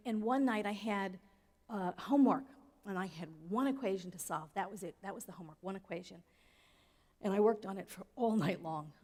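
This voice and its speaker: A woman's voice: mid-range voice, darkish tone. A woman minister giving a sermon in a conversational way, often asking the audience questions. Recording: long hall reverb.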